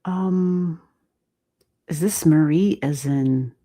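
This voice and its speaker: An American woman giving astrology readings on a livestream, thinking aloud and chatting with viewers in a relaxed way, with the odd swear word. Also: sits low, slow, creaky, pauses often. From United States. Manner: thinks aloud, talks to chat, mild swearing. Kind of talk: casual livestream chat.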